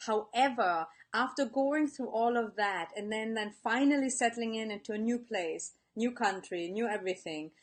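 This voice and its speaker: A woman's voice: a little high, moderate pace, hardly any pauses. Earnest woman coaching viewers live. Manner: earnest, warm-hearted, speaks to viewers directly; reads out viewer comments. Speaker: life coach. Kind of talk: live-stream motivational talk.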